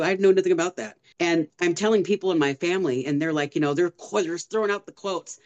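A woman's voice: on the low side, fast, few pauses, lo-fi sound. Earnest woman telling a personal testimony. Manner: earnest storyteller, animated retelling with occasional laughs. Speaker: guest.

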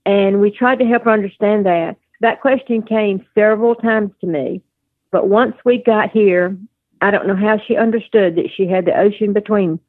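A woman's voice: mid-range voice, steady tone, normal speed, no echo. An older woman with a Southern US accent, telling family stories as an interview guest with easy fillers. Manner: storytelling, warm anecdotes with fillers. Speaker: guest, adoptive mother. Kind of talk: conversational interview. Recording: tinny phone line.

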